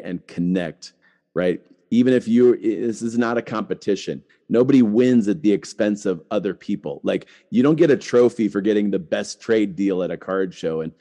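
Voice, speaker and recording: On the low side and warm in tone, this middle-aged man's voice carries his podcast hosting. The talk is relaxed and chatty, full of "like" and restarted sentences.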